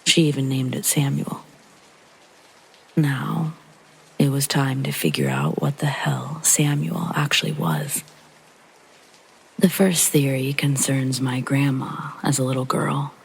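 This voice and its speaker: Man, horror story narrator, hushed delivery, gravelly, very husky voice. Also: mid-range voice, very animated, slow pace, long pauses, poor audio. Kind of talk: scripted narration.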